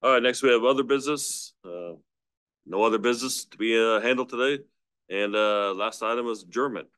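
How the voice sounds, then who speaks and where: A man's voice: medium pitch, a little fast, fairly bright tone, clear, resonant tone. A man chairing a public committee meeting, brief and procedural, heard from a distant mic.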